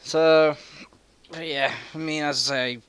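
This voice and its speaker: A man's voice: fairly high pitch, level tone, unhurried, fairly bright tone. A young man co-hosting a casual gaming podcast, laid-back and swearing freely as he chats. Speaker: podcast co-host. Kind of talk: casual chat.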